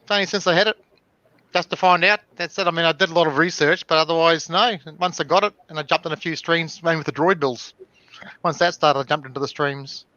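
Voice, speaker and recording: Bright-voiced New Zealand man on a call. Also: fairly high pitch, fairly even intonation, fast talker, no room sound, muffled recording. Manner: good-natured, self-deprecating banter. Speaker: regular stream guest. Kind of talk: casual call-in chat.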